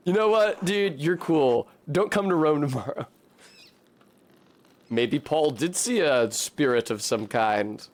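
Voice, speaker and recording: A man's voice: fairly high pitch, animated. A man streaming a narrative game, reading character lines aloud and joking about them. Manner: jokey, reads dialogue in a slow deliberate way.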